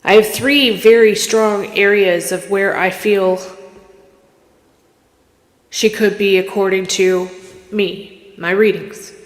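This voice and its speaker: A woman's voice: medium pitch, steady tone, slow pace, pauses often. A woman from Canada who works as a psychic medium, chatting on a casual livestream in a candid, rambling, emotional way with many restarts. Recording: echoey room with long reverb.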